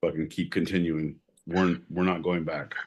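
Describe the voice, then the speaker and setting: A man's voice: deep voice, flat delivery, normal speed, slightly rough. A man co-hosting a podcast, bantering sardonically with mock-grand announcements and frequent swearing. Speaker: podcast co-host. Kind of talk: casual comedic banter.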